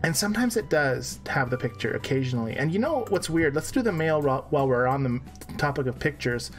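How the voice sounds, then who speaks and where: A man's voice: a little high, lively intonation, fairly quick, soft background music. A man co-hosting a casual game live stream, joking and laughing at himself as he plays.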